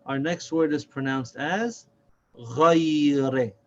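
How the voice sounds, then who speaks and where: Slow, patient man teaching reading. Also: a little high, lo-fi sound, slight background noise. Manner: patient, repeats each syllable slowly. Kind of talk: slow step-by-step reading lesson.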